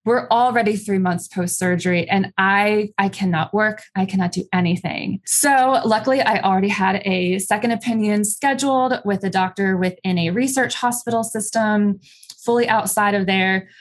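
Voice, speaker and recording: A woman's voice: medium pitch, moderate pace. A woman guest in an interview, recounting her own experience candidly and conversationally, with frequent ums and likes. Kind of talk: candid personal storytelling in an interview.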